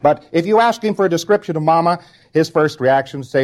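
A man's voice: a little high, lively intonation, fast talker. A man delivering an informal spoken lecture in a conversational, wry manner, now and then acting out short quotes.

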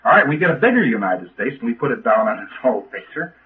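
A man lecturing to a class of trainees, folksy and emphatic, at a middling pitch and often restarting his sentences. He comes through an old, tinny recording with a narrow phone-like sound. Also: sing-song, quick pace.

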